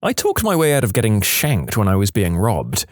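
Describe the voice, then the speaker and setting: A man reading reddit stories aloud, with lively storytelling and punchy asides. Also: fairly low pitch, moderate pace, no echo, studio quality. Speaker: narrator.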